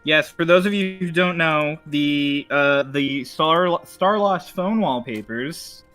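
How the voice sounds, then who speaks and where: A man's voice: on the high side, slow, a bit bright, soft background music. A man chatting casually with friends on a stream, teasing them and laughing often. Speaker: show regular. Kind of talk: casual group chat on stream.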